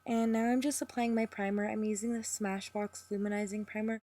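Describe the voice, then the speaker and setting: A young woman talking through a makeup tutorial step by step, speaking deliberately slowly in a chatty way. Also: medium pitch, little pitch movement, dark tone, no echo. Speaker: beauty vlogger.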